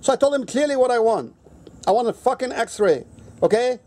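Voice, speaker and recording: Profane ranting man with a mellow voice. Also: very high voice, expressive. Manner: profane, ranting, halting with restarts; switches into Mandarin. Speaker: vlogger. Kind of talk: angry storytelling monologue.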